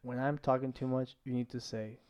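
A young man in his twenties, a chef, chatting casually on a podcast, talkative and animated. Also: medium pitch, a little fast, smooth, dry recording. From Mexico. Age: 20s. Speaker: chef guest.

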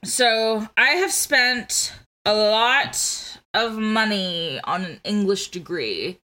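A young woman co-hosting a casual podcast eagerly explains poetic meter, saying "like" a lot and restarting often. Her medium-pitched voice is expressive and sharp in tone, and she speaks slowly.

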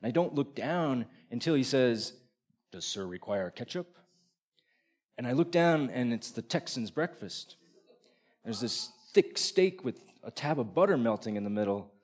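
A man's voice: mid-range voice, animated, moderate pace, a little mellow. A man performing a first-person comic story, vivid and descriptive, building tension toward punchlines.

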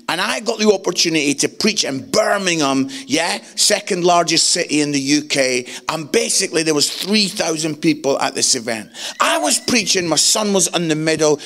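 Animated preacher telling comic stories. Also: male voice. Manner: animated, jokey, acts out voices with big pitch swings. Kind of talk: sermon with comic storytelling.

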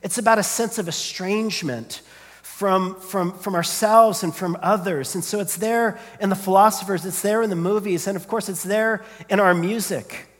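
A man with a fairly high voice delivers an earnest sermon, circling back with repeated words as he presses his point. His voice rings out with a long reverb, as if in a large hall. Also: normal speed. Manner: earnest, repeats words when starting sentences. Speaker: preacher.

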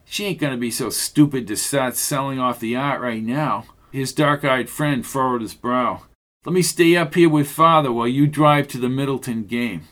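A man narrating a mystery radio drama in a steady storytelling manner and voicing the detective. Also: mid-range voice, moderate pace.

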